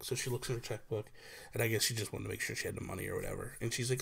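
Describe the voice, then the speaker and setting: Male podcast guest in a relaxed chat, telling a story with plenty of fillers and voicing each person he quotes. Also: mid-range voice, fast talker, vocal fry, slightly rough. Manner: animated storyteller acting out quotes, many fillers. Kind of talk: casual storytelling.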